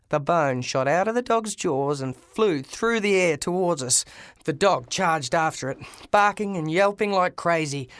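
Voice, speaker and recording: A man narrating a first-person audiobook with lively storytelling and shouted dialogue. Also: a little high, dry recording, studio quality.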